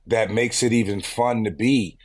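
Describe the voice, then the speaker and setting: A man's voice: fairly low pitch, moderate pace. A man in his fifties with a New York accent, chatting as an interview guest in a laid-back, easygoing way and laughing easily. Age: 50s. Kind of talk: casual interview chat.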